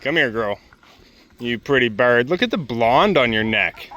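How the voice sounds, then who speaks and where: Bright-voiced man coaxing farm birds outdoors. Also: mid-range voice, animated, unhurried, slight background noise. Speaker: homesteader vlogger. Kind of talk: casual vlog narration. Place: outdoors on a farm yard and pasture.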